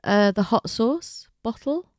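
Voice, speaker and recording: A woman's voice: a little high, lively intonation, takes it slowly, no echo, clean studio sound. A woman co-hosting a podcast, chatting casually and explaining plot details. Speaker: podcast co-host. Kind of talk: casual chat.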